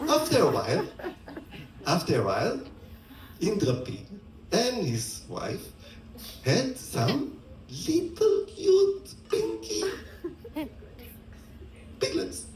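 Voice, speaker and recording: Playful male storyteller: lively high voice, slow telling, distant roomy mic. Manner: animated, playful, laughing asides. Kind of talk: retelling a myth to an audience.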